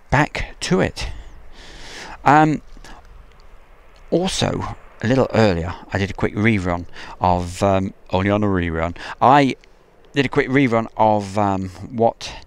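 Low gravelly man chatting live. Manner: chatty, jokey, halting with many ums. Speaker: live-stream host. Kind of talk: casual live-stream chat reading viewer comments. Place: outdoors by an airfield.

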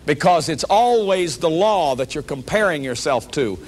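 A man's voice: a little high, expressive, normal speed. A man giving a public lecture on shame and recovery, earnest and conversational, often repeating himself and saying "you see" to the audience.

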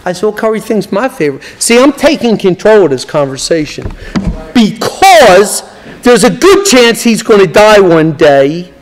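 Animated evangelist man in a reverberant hall. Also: high-pitched, moderate pace, a little hiss or hum. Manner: animated, acts out both sides of conversations. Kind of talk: sermon storytelling. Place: church hall. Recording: long church hall reverb.

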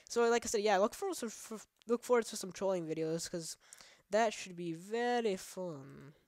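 A woman's voice: mid-range voice, lively intonation, moderate pace, darkish tone, no echo, studio quality. A woman giving rambling, profane let's play commentary while she plays, trash-talking the game between chatty asides. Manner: rambling, profane, many fillers. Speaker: gaming channel host.

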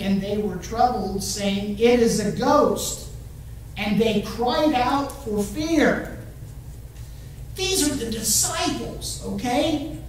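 A man preaching a sermon, expressive and talking straight to the congregation, urging them to join in. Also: high-pitched. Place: church sanctuary. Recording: very echoey church, voice from far off the mic, faint hum.

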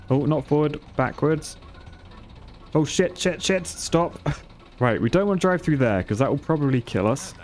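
A man commentating his own gameplay, excitable, swearing and laughing as he goes. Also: mid-range voice. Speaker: gaming channel host.

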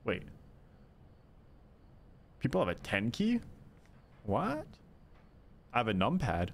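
A man streaming a game, thinking aloud, reacting excitedly and chatting with his viewers. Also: medium pitch, measured pace, slight background noise. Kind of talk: casual gameplay commentary. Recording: clear music playing behind the voice.

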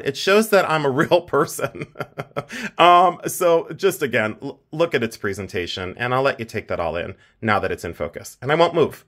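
A man's voice: medium pitch, animated, brisk, a bit bright. A man hosting a casual show-and-tell vlog about his jewelry finds, chatty and self-deprecating, laughing often as he talks. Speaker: jewelry collector vlogger.

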